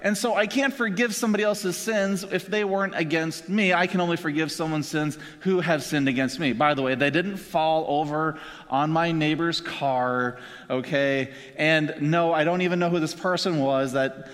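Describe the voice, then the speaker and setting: High-voiced storytelling preacher in a reverberant hall. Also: male voice, normal speed. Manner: animated storyteller, puts on voices for people in the story. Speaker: pastor. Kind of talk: sermon with acted-out voices.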